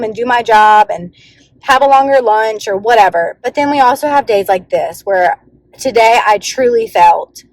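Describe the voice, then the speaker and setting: A young woman teacher telling a story to her vlog camera, her voice sitting a little on the high side. She sounds earnest and chatty and fills her sentences with "like." The recording is close and dry, with no room sound. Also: expressive, normal speed, no room sound, rough recording. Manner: chatty and earnest, many "like" fillers. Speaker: first grade teacher and vlogger.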